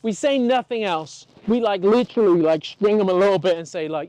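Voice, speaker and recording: A man working as a dog trainer, talking casually and swearing freely, acting out dogs and owners in animated voices. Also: high-pitched, fairly quick, no room sound. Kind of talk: casual consultation.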